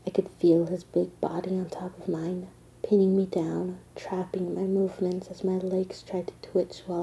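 A woman performs a whispered role-play as a patient speaking to her therapist. Her voice is very dark and mellow with a gravelly, fry-laden edge. She speaks slowly and teasingly, sinking often into a breathy whisper. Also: on the low side, little pitch movement, slight background noise, rough recording. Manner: slow, hushed and teasing, often dropping to a whisper.

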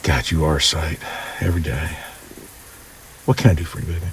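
A man speaking in an intimate audio role-play, murmuring low and often slipping into whispers and sighs. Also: fairly even intonation, brisk, a little hiss or hum.

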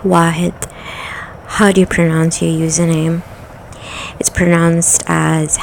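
A woman with an Arabic accent speaks in a low, gravelly voice that stays flat and level. She reads each question aloud, then gives a plain answer in a casual, to-camera tone. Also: slow pace, pauses often, slight background noise, poor audio. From United Arab Emirates. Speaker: vlogger doing an accent challenge.

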